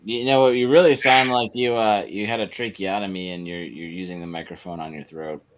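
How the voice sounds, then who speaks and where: A man's voice: low voice, steady tone, a little fast, very noisy. A man co-hosting a livestream, talking casually and cracking jokes. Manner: joking, talkative. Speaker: co-host.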